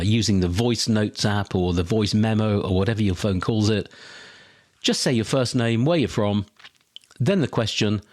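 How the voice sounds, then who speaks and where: Lowish voiced guy hosting a podcast, opinionated, dry close sound. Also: no echo. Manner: opinionated, conversational. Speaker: podcast host. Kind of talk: solo podcast talk.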